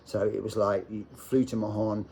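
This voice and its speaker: A man's voice: on the low side, little pitch movement, moderate pace, gravelly, warm tone, a little hiss or hum. A middle-aged man, casually telling a personal anecdote, often laughing as he talks. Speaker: storyteller.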